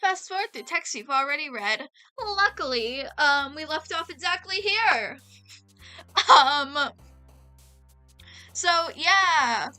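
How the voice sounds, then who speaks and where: Her voice is high and bright with lively intonation, and she speaks slowly, pausing often. She's a let's play gamer giving casual commentary on her gameplay, giggling, chatting, and talking to her chat over faint game music.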